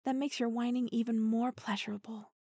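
A woman's voice: a little high, a little slow, a little mellow, husky, no echo. A young woman playing a teasing, dominant female partner in an intimate audio role-play, giggling and slipping into half-whispers close to the mic.

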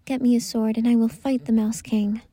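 A woman voicing a brave toy nutcracker soldier in a bedtime story, speaking slowly and earnestly in a soft, breathy voice. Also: a little high, little pitch movement. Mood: rallying.

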